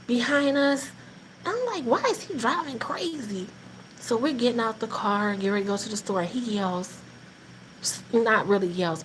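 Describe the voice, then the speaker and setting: A woman's voice: mid-range voice, a little hiss or hum, rough recording. A woman hosting a live faith talk, mixing casual encouragement with funny family stories. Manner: animated, laughing, preachy encouragement in Southern Black vernacular. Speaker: host of a faith talk stream.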